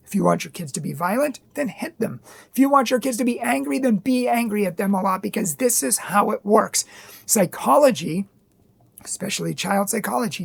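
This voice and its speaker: A woman's voice: mid-range voice, gravelly, breathy edge. A woman hosting a video on parenting and faith, talking earnestly and emphatically, often stacking short repeated phrases. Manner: earnest, emphatic, repetitive lists. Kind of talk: direct-to-camera advice monologue.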